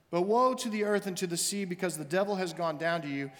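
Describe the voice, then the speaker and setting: A man, the senior minister, preaching a sermon in a church sanctuary and telling a story with animated quoted voices. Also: high voice, quick pace, hardly any pauses. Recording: long hall reverb, faint music.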